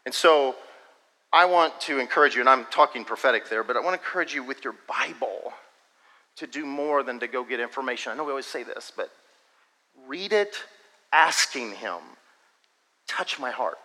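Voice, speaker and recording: A man's voice: mid-range voice, lively intonation, fairly quick, pushed and bright. A man preaching a sermon as pastor, earnest and confiding, drawing out words for emphasis. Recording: long hall reverb.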